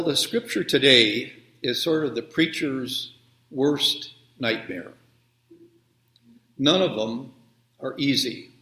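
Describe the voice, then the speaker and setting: Male pastor, gentle unhurried sermon storytelling, echoey video-call sound. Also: medium pitch. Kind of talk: children's sermon and prayer. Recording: roomy echo.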